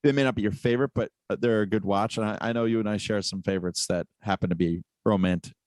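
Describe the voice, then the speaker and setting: A man's voice: lowish voice, quick pace, a little mellow, no echo. A man co-hosting a podcast in casual chat, joking around and slipping into impressions. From New York. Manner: jokey, slips into impressions. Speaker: podcast co-host.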